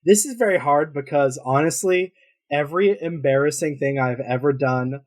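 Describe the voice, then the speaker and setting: A man's voice: fairly high pitch, normal speed. A man from the Los Angeles area telling a story on a podcast, profane and joking. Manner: profane, laughing. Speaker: podcast co-host. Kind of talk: casual storytelling.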